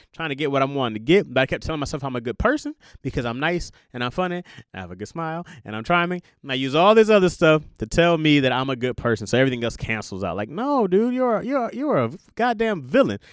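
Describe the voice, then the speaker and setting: A young man hosting a podcast, talking through a casual confessional monologue in an animated, jokey way and laughing at himself. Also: on the high side, fairly quick, no room sound, clean studio sound. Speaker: podcast host.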